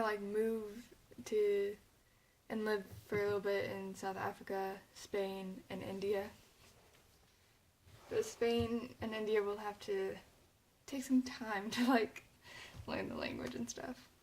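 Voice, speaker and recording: A young woman vlogging to her camera in a loose, rambling way, full of fillers and restarts. Her voice sits at an ordinary pitch, and she sounds slightly emotional. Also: little pitch movement, takes it slowly, pauses often, rough recording. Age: young adult. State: emotional, near tears. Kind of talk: casual chat to camera.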